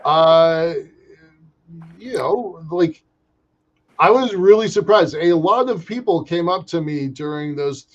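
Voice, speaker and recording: Animated man with halting restarts, muffled. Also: on the high side. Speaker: podcast co-host. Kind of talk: casual chat on space industry news. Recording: muffled lo-fi audio.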